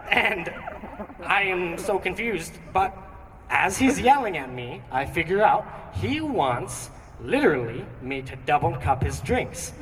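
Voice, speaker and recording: A young man performing a stand-up comedy routine with animated, theatrical storytelling on a theatre stage. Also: fairly high pitch. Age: young adult. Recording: echoey hall, distant mic, noisy.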